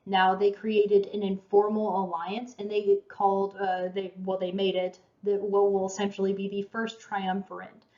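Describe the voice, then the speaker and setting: A woman's voice: mid-range voice, completely flat delivery, moderate pace, hardly any pauses. Woman lecturer, chatty and self-deprecating, roomy echo, dull lo-fi recording. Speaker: college history lecturer.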